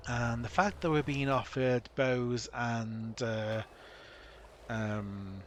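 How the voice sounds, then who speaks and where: Give me a man casually commenting on his game with quiet, self-deprecating asides. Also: medium pitch, a little hiss or hum. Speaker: let's play host.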